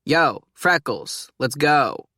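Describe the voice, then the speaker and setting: A woman's voice: sits low, animated, slow, sharp tone, no room sound, clean studio sound, full character voice. A woman voicing a blunt, impatient female postal clerk in an audiobook, curt and dismissive.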